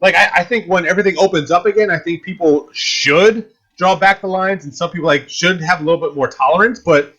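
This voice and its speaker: A man with a fairly high voice hosting a casual discussion. He rambles and gropes for words, circling back with many fillers and restarts. The recording sounds dull and lo-fi. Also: fairly quick, a bit bright. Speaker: podcast host.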